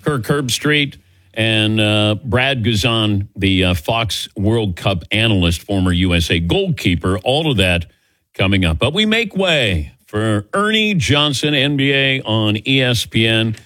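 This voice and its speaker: A man hosting a sports talk radio show, upbeat and brisk as he runs through promos and asks questions into a studio microphone. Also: lowish voice, animated, fairly bright tone, dry recording.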